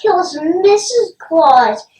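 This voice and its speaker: Playful woman cohost chiming in on movie jokes, slow-paced, sounds distant in a roomy echo. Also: very high voice, lively intonation, darkish tone. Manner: playful, eager interjections. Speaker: podcast co-host. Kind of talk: casual comedic movie review chat. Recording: echoey room, distant mic.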